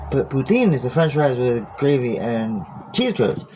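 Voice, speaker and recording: A man's voice: medium pitch, sing-song, normal speed, few pauses, a little mellow, husky. A man talking in a casual, rambling monologue, joking, digressive and profane.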